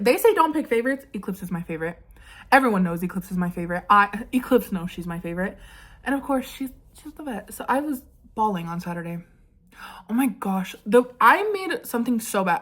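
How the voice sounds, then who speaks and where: A young woman vlogging in a chatty, dramatic way, leaning on "like" as she tells a story. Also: on the high side. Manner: chatty and dramatic, heavy use of 'like'. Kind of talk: casual storytelling vlog.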